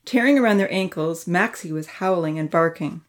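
A woman reading a children's story aloud, voicing the young characters' lines in a raised, expressive voice. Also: normal speed. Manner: expressive, lifts her voice high for the children's dialogue. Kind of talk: scripted narration of a children's story.

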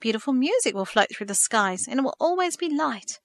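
A woman reading as a soft-spoken, dreamy mother from a storybook, wistful and lifted in pitch. The recording is dry and close. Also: sing-song, fairly quick, no room sound.

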